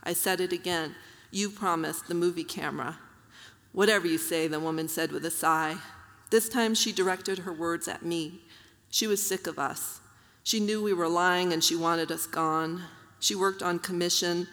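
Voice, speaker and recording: Woman reading aloud in a reverberant hall. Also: lowish voice. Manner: measured, even reading with soft fillers between passages. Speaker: author reading her work.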